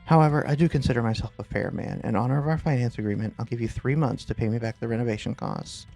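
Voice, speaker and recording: A man doing a smug landlord in a game with a gravelly, mellow voice, smooth and condescending as he lays out his terms. Quiet music plays behind him. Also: mid-range voice, quick pace. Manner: smooth, condescending, coolly threatening. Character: smug scheming middle-aged male landlord.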